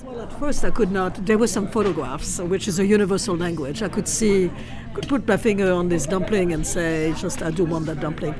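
A woman from France with a French accent, a food critic chatting lively and emphatically while out at restaurants and driving around town. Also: on the low side, brisk, a crowd in the background. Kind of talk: casual chat on location. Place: restaurants and car around a city.

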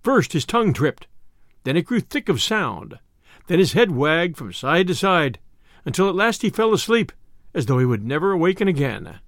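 Expressive male audiobook narrator. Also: a little high, moderate pace, no room sound, clean studio sound. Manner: expressive, lilting reading. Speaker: storyteller. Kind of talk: audiobook narration of a classic tale.

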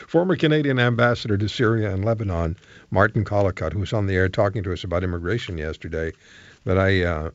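A man hosts a talk radio show from a studio microphone, interviewing guests in a combative, rhetorical style and joking readily. His voice sits low, and the recording is dry and dull.

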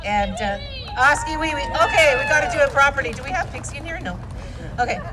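A woman with a slightly high voice delivers a public address, stumbling through restarts and "uh"s. She is recorded from a distance, with a crowd murmuring and clear background noise around her. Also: expressive. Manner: halting, with many restarts. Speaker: mayor.

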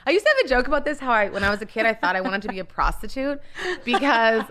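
A woman's voice: a little high, animated, quick pace, a crowd in the background. A woman comedian, a podcast guest, telling stories in casual chat, often laughing and acting out what her parents said. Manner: laughing, storytelling with acted-out quotes.

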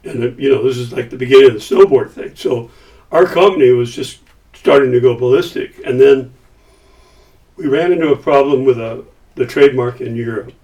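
An older man spins a story in casual conversation, slipping into the voices of the people he quotes. His voice sits at an ordinary pitch and comes across from slightly off the microphone. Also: brisk, far from the mic, muffled recording. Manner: animated storyteller acting out quoted dialogue. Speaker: guest.

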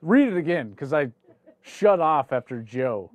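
A man hosts a sports talk show, firing back at viewers with mock outrage. His voice sits a little high. The studio sound is close and dry. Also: animated, measured pace, dry recording. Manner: mock-indignant ranting at viewers.

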